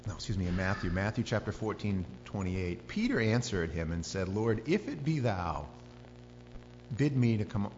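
A man preaching a sermon, telling the story with lively acted-out voices and screams. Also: on the low side, moderate pace. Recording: dull lo-fi sound with long hall reverb and faint hum.

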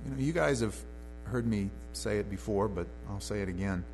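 A man's voice: lowish voice, a little fast, darkish tone, faint music behind. A man preaching a conversational sermon in a church, reading scripture aloud and then explaining it in plain talk.

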